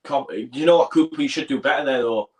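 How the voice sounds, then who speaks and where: A man co-hosts a football fan watchalong stream, chatting casually and calling the action live. He talks fast at a medium pitch, and the audio has a roomy echo.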